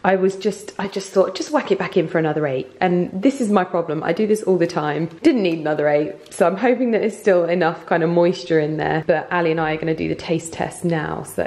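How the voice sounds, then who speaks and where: A woman vlogging casually in her home kitchen, talking fast and bubbly with frequent ums and little laughs. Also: on the low side, gravelly, darkish tone, echoey room. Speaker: lifestyle vlogger. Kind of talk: casual chatty vlog narration.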